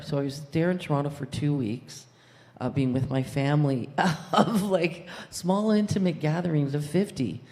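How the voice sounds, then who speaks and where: A woman's voice: very deep voice, warm tone. A woman in her sixties speaking up from the congregation, sharing a personal story in a chatty way and laughing often. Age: 60s. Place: church hall. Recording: long reverb of a hall.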